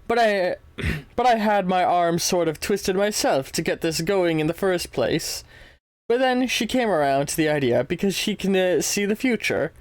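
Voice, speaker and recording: A man's voice: high-pitched, lively intonation, moderate pace, no room sound. A man voicing a posh, jovial young adventurer in a put-on British accent, reading comic dialogue aloud in a hearty, chummy way and sometimes stumbling over the lines.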